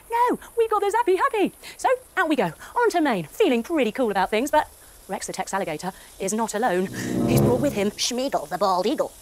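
A woman narrating an animated yoga adventure for children, with gasps, sound effects and pose instructions. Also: a little high. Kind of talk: kids yoga story narration.

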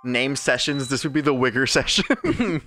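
A man's voice: medium pitch, animated, unhurried, sharp tone. A young man co-hosting a co-op gameplay video, bantering crudely and laughing often. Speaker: gaming co-host. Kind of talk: casual co-op gameplay commentary.

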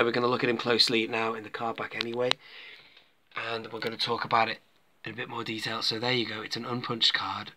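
Male collector-reviewer, bright forceful tone, loose rambling chat to viewers. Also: mid-range voice. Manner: rambling, chatty, addresses viewers as folks. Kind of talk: casual toy review.

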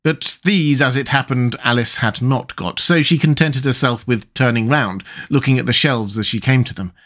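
A man narrating a classic children's novel as an audiobook, measured and expressive. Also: mid-range voice.

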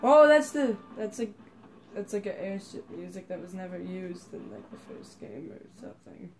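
A woman doing let's play commentary who giggles often and breaks into excited shouts. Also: lowish voice, moderate pace, music in the background. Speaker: gamer.

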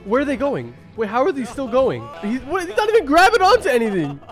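A man hosting a reaction video, talking casually and excitedly, firing off quick exclamations and calling everyone "bro". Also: very high-pitched, music in the background.

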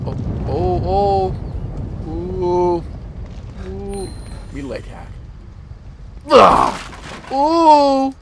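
A young man casually commentating a horror game, excitable and profane, rambling as he plays. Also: high voice, extremely slow, pauses often, noisy background. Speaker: gameplay commentator. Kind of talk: casual let's-play commentary.

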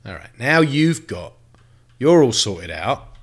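A man's voice: medium pitch, big pitch swings, slow. A man giving casual gameplay commentary, thinking aloud and swearing freely as he plays. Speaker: let's play host.

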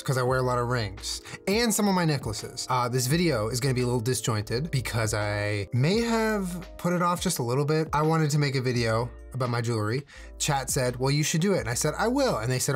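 Young guy chatting at home on camera, rambly and jokey, bit of music underneath. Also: mid-range voice. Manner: rambling and self-deprecating, jokey asides. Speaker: streamer showing his jewelry. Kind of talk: casual vlog chat.

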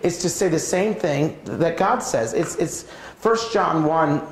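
A man giving a preaching talk at a church conference, telling personal stories in an animated way. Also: unhurried, creaky. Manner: animated, swings pitch widely while acting out stories. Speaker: conference speaker. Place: church auditorium. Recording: roomy church hall sound.

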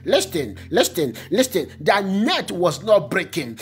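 A man's voice: high voice, sing-song, measured pace, few pauses, husky, faint music behind. A man preaching fervently as a pastor, repeating phrases and praying in tongues. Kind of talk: online prophetic sermon and prayer.

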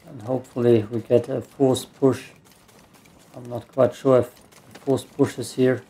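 A man's voice: mid-range voice, level tone, measured pace, mellow. A man with a German accent, a native German speaker, giving rambling, self-mocking let's play commentary and cursing at the game. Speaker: gamer.

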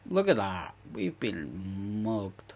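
A man commentating live on his football-management game, chatting to viewers and shouting and swearing at the match as it plays. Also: low-pitched, big pitch swings, takes it slowly. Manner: talks to viewers, chatty and rambling. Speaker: gaming YouTuber.

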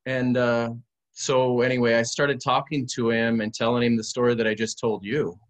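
A man sharing a personal testimony as a guest, in an animated, conversational way with frequent restarts. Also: mid-range voice, normal speed. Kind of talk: casual testimony storytelling.

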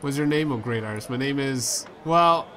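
A man's voice: mid-range voice, normal speed, a bit bright, slight background noise. A man playing a story game, reading its dialogue aloud in a playful way and switching voices for the characters. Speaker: let's play gamer.

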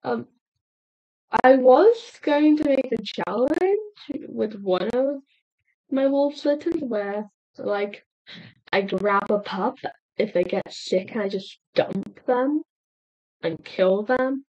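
A woman giving casual let's-play commentary, excitable and talking aloud to the animals in her game. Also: on the high side, takes it slowly, highs cut off. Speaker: gameplay streamer.

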